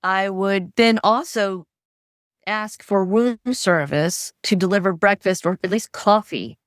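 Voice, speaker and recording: A middle-aged woman, a guest author, telling stories in an animated way and acting out quoted dialogue. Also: medium pitch, measured pace, dry recording, studio quality. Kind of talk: conversational storytelling.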